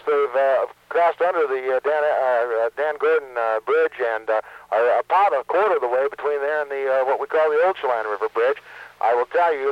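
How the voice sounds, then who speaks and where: A man's voice: mid-range voice, no echo. A man reporting live from the water by radio, rambling with many fillers as he describes the canoes. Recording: muffled radio link with faint noise.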